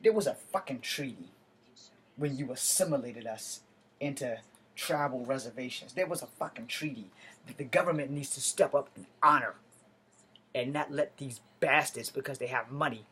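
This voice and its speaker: A man's voice: medium pitch, normal speed, pushed and bright, slightly rough, low-quality recording. A man giving an emotional, impassioned vlog rant, swearing and building to outbursts. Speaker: video blogger.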